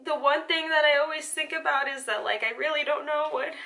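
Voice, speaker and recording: Young woman vlogger, bright tense tone, emotional and halting, fading to near-whispers at times. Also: high-pitched, gravelly. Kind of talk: confessional personal vlog.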